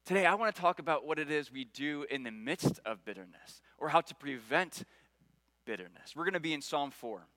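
An earnest man delivers a sermon in a bright, forward voice. He leans on repeated phrases and lifts his voice for prayers. The sound is dry and close. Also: a little high, animated, fairly quick, dry recording, low-quality recording. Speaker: pastor.

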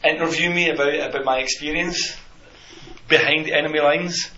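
Bright-voiced man chatting in a roomy space. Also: on the high side, steady tone, normal speed. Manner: rambling, many restarts and fillers. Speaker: podcast co-host. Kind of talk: casual football chat. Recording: roomy, slightly dull, faint hiss.

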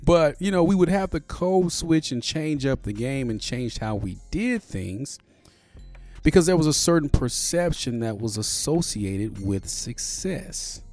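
Forties guy hosting his podcast, loose and cussing, keeps saying you know, chill beat low behind him. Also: expressive, a little slow, soft background music. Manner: laid-back, profane, lots of "you know" fillers. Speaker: podcast host. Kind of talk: casual podcast monologue. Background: soft beat playing underneath.

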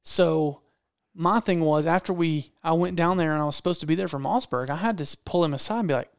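A man's voice: fairly high pitch, a little fast, clear, resonant tone, no room sound, studio quality. A man telling a hunting story in casual talk, acting out quotes and repeating phrases for effect. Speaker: podcast guest storyteller, hunting videographer.

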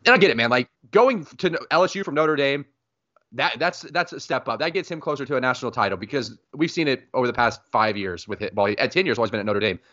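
Brief: male podcast co-host, mid-pitched, loose and jokey, lo-fi sound. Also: lively intonation, fast talker, fairly bright tone. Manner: loose, joking, many fillers. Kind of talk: casual sports chat.

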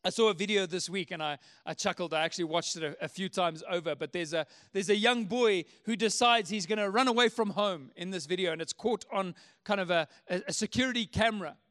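Man, very high pitch, preaching, emphatic, repeats key lines. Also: a little fast, fairly bright tone. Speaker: pastor. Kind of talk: sermon.

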